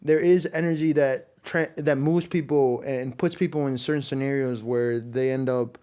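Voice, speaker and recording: A young man co-hosting a podcast, chatting casually and musing out loud between short reactions. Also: mid-range voice, steady tone, moderate pace, smooth. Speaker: podcast co-host. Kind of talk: casual chat.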